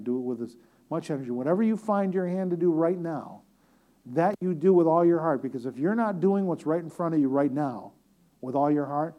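A middle-aged man preaching a sermon as a pastor, telling stories with humor and swinging from loud, emphatic declarations to hushed near-whispers. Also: on the high side. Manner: storytelling with humor.

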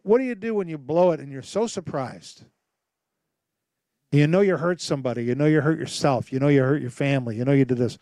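A man preaching a sermon as pastor, telling stories with lively acted-out voices and asking rhetorical questions. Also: a little high, fairly quick, no room sound. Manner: animated storytelling with rhetorical questions; acts out voices and sounds in his stories.

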